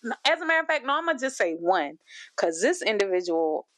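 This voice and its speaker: A woman's voice: mid-range voice, very animated, brisk, a bit bright, dry recording. A woman hosting a reaction video, talking casually with lots of fillers and restarts. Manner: chatty, many fillers and restarts. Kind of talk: casual commentary.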